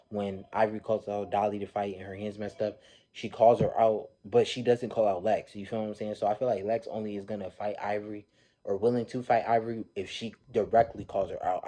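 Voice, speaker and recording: A man casually recapping a reality show episode, telling it in an animated, slangy way and acting out the people he quotes. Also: fairly low pitch.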